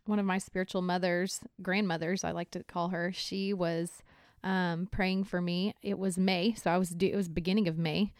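A woman's voice: fairly low pitch, level tone, normal speed, a little mellow, no echo. Chatty woman chiming in, dry sound. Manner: chatty, laughs easily, chimes in. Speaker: podcast co-host. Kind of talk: casual chat.

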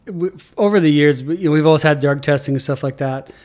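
A man's voice: a little high, fast talker. A middle-aged man, an athletic trainer, telling stories in a casual chat and acting out the people in them. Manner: animated storyteller, acts out quotes loudly. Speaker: head athletic trainer, guest.

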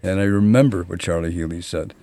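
A man's voice: low voice, fairly quick, mellow. A man in his seventies, a podcast guest in casual conversation, telling long stories with dry, self-deprecating humor. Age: 70s.

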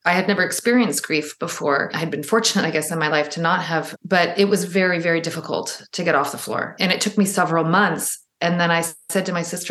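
A woman, guest and author, telling a personal story in a conversation, animated, often laughing and acting out the voices she quotes, in a room at home. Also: on the low side, quick pace, hardly any pauses, roomy sound. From Los Angeles area. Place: room in her father's house.

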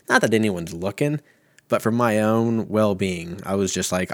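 A man's voice: lowish voice, normal speed, no echo. A man in his thirties hosting a casual solo podcast from home, rambling and swearing with a self-mocking manner. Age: 30s. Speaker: podcast host.

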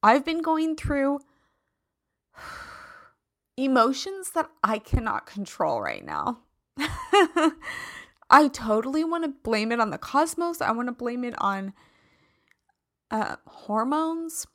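A woman's voice: fairly high pitch, big pitch swings, takes it slowly, long pauses, fairly bright tone, no room sound, clean studio sound. A woman hosting a podcast, telling a personal story in a candid, emphatic, confessional way. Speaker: podcast host.

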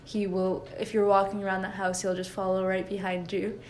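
A woman's voice: medium pitch, flat delivery, brisk, a little mellow, a little hiss or hum. A woman co-hosting a podcast in casual chat, often laughing at herself and correcting her slips. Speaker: podcast co-host.

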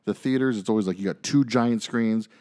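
A man in his thirties holds forth in a casual podcast chat, venting through a story with plenty of swearing and big emphasis. His voice sits a little low. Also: brisk. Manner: animated, profane ranting storyteller. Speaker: podcast co-host.

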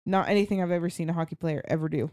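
A woman in her thirties chats casually with friends. Her voice is smooth and clear, and the sound is close and dry. She tells stories with animation. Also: rapid-fire, no room sound. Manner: animated storyteller, jumps to a high shriek when quoting her son. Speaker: podcast co-host. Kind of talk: casual chat. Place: small cabin room.

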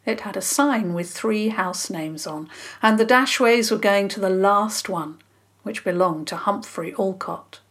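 A woman calmly narrating a children's story in a measured, scripted reading. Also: mid-range voice.

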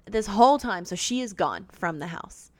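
A woman's voice: medium pitch, normal speed. Chatty young woman retelling a movie. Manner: animated, acts out quotes in shifting voices. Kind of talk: casual chat recapping a movie.

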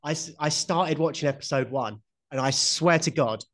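A man's voice: a little high, normal speed, fairly bright tone. A man co-hosting a podcast, chatting casually and laughing often as he tells stories. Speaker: podcast co-host. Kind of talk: casual chat.

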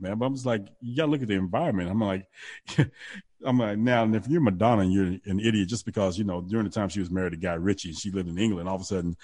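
Low-voiced man rambling in casual chat. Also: darkish tone, breathy edge. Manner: rambling, laughs often, restarts sentences.

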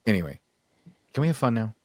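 A man co-hosting a podcast in casual chat, blunt and profane, speaking with animated emphasis. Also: on the low side, fast talker, dry recording, studio quality. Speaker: podcast co-host.

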